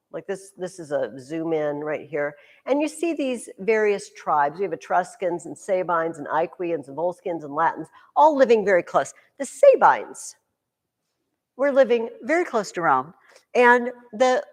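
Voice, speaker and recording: A woman teacher giving a classroom history lesson, telling the story in an animated, joking way. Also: mid-range voice. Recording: echoey room with long reverb.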